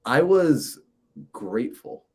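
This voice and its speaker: Guy on a podcast telling a story, animated, plays out the back and forth, middle pitch voice. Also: slow pace, slightly rough. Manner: lively, acts out conversations in his stories. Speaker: mindset coach, podcast guest.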